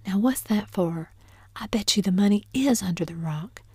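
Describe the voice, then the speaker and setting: A breathy, hushed whispered role-play of a bold, bossy boy, as a woman reads him, eager and full of schemes. The voice is mellow and soft, close and dry with no room around it. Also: mid-range voice, animated, normal speed, no room sound. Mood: urgent.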